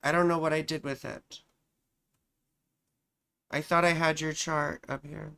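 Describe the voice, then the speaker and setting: A woman's voice: low-pitched, little pitch movement, unhurried, gravelly, a bit bright, clear, resonant tone. Chatty affectionate woman astrologer. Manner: chatty and affectionate, calls viewers sweetheart and darling; thinks aloud while searching for charts. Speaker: astrologer hosting a live stream. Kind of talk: casual live-stream chart reading.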